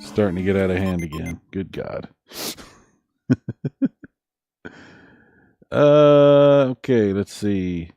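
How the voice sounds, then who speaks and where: A man's voice: sits low, lively intonation, very slow, creaky, long pauses, no echo, lo-fi sound. A middle-aged man streaming a game in casual chat, laid-back and chuckling at himself. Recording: faint game music behind.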